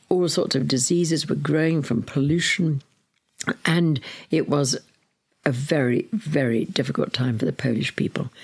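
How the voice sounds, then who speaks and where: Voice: mid-range voice, creaky, breathy edge. An older speaker from Britain, a podcast guest telling earnest, vivid stories and sometimes dropping to a whisper. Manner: earnest, vivid storyteller, drops to a whisper at times. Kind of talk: storytelling in a podcast interview.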